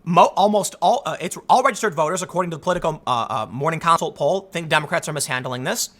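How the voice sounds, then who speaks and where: A man's voice: on the high side, fast, fairly bright tone. A man hosting a heated political commentary monologue, emphatic and indignant, often repeating words as he restarts. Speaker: political commentator, show host.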